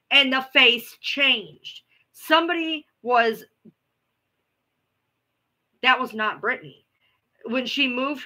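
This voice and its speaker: A woman hosting a livestream chats casually while answering viewers, rambling, repeating herself, and swearing now and then. Her voice is fairly high with a sharp tone.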